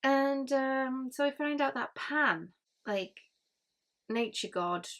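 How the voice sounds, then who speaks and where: A woman's voice: high voice, lively intonation, slow, a bit bright. Woman, casual book review, rambling, lots of ums, blunt complaints. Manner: chatty and rambling, many ums, frank grumbling.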